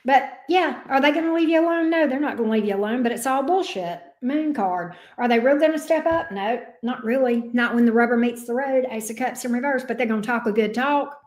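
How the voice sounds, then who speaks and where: A woman reads tarot straight to her listeners in a fairly high voice. She is blunt and heated, swearing freely as she goes. The sound rings a little in an echoey room. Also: a little fast, hardly any pauses, darkish tone. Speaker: tarot reader. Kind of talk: casual tarot reading to camera.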